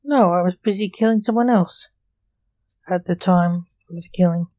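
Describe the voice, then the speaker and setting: A woman's voice: lowish voice, moderate pace, dark tone, no echo, natural voice. A woman reading the lines of a wry, teasing young male enchanter in a story. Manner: dry and teasing.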